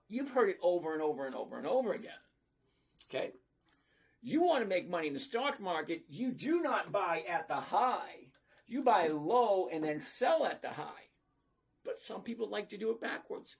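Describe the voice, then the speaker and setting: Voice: mid-range voice, creaky. A livestream host casually chatting about stocks and reading viewer comments aloud, blunt and playful, hammering points home through repetition.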